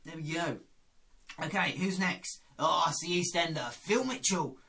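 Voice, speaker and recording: Vlogger, man, chatty and self-deprecating, unhurried delivery. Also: a little high, creaky, bright, forceful tone. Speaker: YouTuber. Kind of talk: casual vlog.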